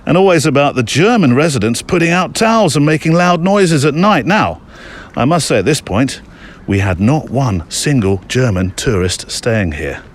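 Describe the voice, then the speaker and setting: A man's voice: medium pitch, sing-song, normal speed, a little hiss or hum. A British man hosting a podcast, reading listener mail aloud in a casual, chatty way with joking asides. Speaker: podcast host.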